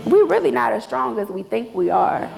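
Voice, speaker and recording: A woman's voice: fairly high pitch, sing-song, moderate pace, gravelly, darkish tone. A woman minister preaching a sermon with emphatic repetition, heard in an echoey church hall. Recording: echoey hall with long reverb.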